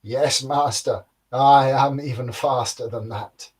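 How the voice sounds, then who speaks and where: A man voicing a small male goat that guards a giant's castle, in an eager, squeaky servant voice. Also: fairly even intonation, slow pace, breathy edge, recorded from a distance. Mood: boastful.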